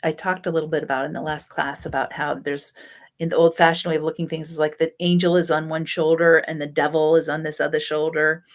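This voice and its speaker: A woman's voice: low-pitched, flat delivery, a little fast. A woman teaching a self-help class on codependency in a loose, chatty way, often correcting herself. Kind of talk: spoken self-help lesson.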